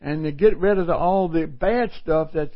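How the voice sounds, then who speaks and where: A man's voice: on the high side, normal speed. A middle-aged man preaching a sermon, reading scripture aloud and explaining it in a folksy way, repeating phrases for emphasis. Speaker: pastor. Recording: dull lo-fi recording.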